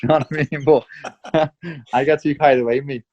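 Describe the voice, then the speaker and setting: A man's voice: mid-range voice, fast, a little mellow. A young man talks bluntly in an interview, swearing freely and dropping "mate" and "lad" as he goes. The recording sounds slightly dull and lo-fi. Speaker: professional boxer. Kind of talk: candid interview.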